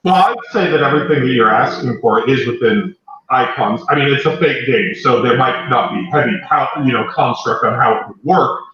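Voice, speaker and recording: A man's voice: mid-range voice, a little fast, fairly bright tone, roomy sound, dull audio. A man running a tabletop game as game master, narrating loosely with many fillers.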